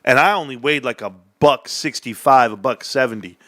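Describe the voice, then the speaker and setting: A man hosting a casual livestream chat from his home desk, animated, swearing and laughing often. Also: medium pitch, normal speed. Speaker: livestream host.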